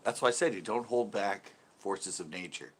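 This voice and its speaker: A man's voice: on the low side, normal speed, husky. A man hosting a casual live stream, telling rambling stories, laughing often and reacting to viewer comments. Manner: rambling storyteller who laughs often and reads viewer chat aloud. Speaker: fishing channel host.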